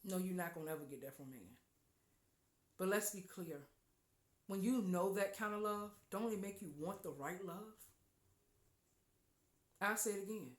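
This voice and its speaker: A woman's voice: mid-range voice, normal speed, pauses often. Echoey, emphatic woman preaching about love. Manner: preachy and emphatic, rising to loud exclamations. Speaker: podcast host. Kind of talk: spiritual motivational talk.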